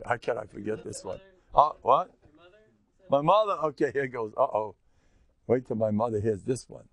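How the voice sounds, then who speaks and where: A man's voice: lowish voice, steady tone, fairly quick, gravelly, darkish tone, no echo. An older man, a rabbi giving a rambling, joking religious lecture and teasing his listeners.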